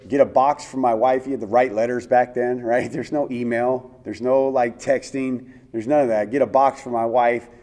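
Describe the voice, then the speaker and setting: Earnest, mellow-voiced middle-aged man. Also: medium pitch. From United States. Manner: earnest, animated storyteller with many fillers. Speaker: former NFL quarterback, interview guest. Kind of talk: storytelling in a sit-down interview.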